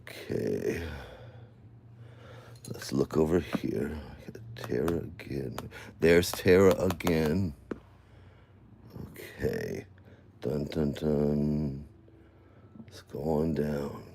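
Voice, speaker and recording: Low-voiced man rambling through comments. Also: very slow, vocal fry, long pauses, slight background noise. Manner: muttering to himself, then ranting loudly. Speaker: online commentary vlogger. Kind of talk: rambling casual commentary while scrolling comments.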